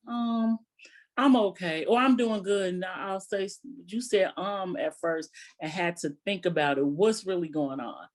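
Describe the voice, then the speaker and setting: A woman physician answering interview questions calmly, telling stories and quoting her patients. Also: fairly low pitch. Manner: calm, storytelling with quoted patients.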